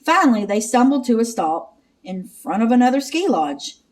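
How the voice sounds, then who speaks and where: A woman teacher from Texas, reading a picture book aloud with expressive narration and sound effects. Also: on the high side, normal speed.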